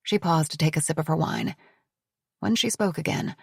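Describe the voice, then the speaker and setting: A woman's voice: low-pitched, moderate pace, creaky, slightly rough, dry recording. A woman narrating an audiobook in a dramatic, tense storytelling manner on a close studio mic.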